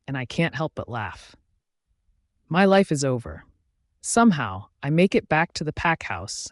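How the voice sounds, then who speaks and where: A man narrating a first-person fantasy audiobook in a reflective, measured reading. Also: medium pitch, dry recording, studio quality.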